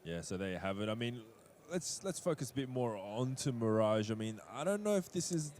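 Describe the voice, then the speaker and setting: Man, esports commentator, casual chatty banter, mid-pitched voice. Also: very animated, brisk, a little mellow, a little hiss or hum. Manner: chatty, jokey banter with co-caster.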